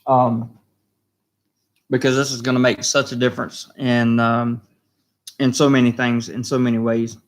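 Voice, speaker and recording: A man hosting a live stream, reading viewer comments aloud, emotional and halting, repeating himself and choked up. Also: medium pitch, little pitch movement.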